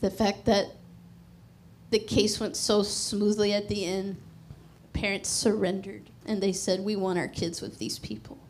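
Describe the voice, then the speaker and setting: A middle-aged woman preaches a sermon as personal testimony, recounting her story with lively energy, laughing often and acting out the dialogue. Her voice sits in the mid range and her pace is measured, with slight background noise.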